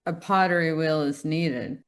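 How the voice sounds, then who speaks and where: A woman's voice: low voice, measured pace. Laughing woman podcast co-host. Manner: laughing, animated storyteller. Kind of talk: casual chat.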